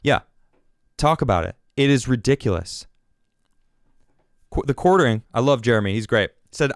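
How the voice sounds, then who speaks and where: A man in the middle of a fed-up rant on his own podcast, often stumbling and restarting. His pitch leaps up and drops away. The sound is dry and close, with no room around it. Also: normal speed, long pauses, no echo. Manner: animated, exasperated, restarts often. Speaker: podcast host. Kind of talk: ranting political commentary.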